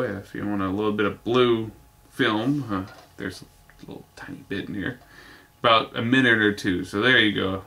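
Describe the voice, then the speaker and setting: A man's voice: medium pitch, pushed and bright. A young man casually reviewing an old kung fu DVD in a rambling, offhand way with exasperated asides. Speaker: movie reviewer.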